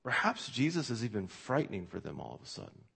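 Lower-voiced man preaching a sermon. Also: wildly swooping pitch, fast, vocal fry, a bit bright, husky. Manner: conversational, frequent fillers and restarts; reads scripture aloud with added emphasis. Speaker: pastor.

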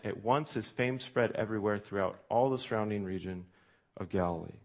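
Lower-voiced man preaching a sermon. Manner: conversational, frequent fillers and restarts; reads scripture aloud with added emphasis. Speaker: pastor.

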